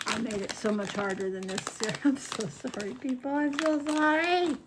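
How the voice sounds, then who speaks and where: A woman vlogger opening fan mail on camera, gushing and excitable, chatting to her viewers and her cat and trailing off mid-sentence. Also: sits high, normal speed, noisy background. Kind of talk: casual chat to camera.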